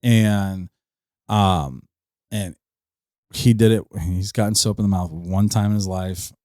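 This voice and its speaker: A man in his thirties co-hosting a casual podcast, an animated storyteller who laughs through his anecdotes. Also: low voice, slow pace, no echo, clean studio sound. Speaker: podcast co-host.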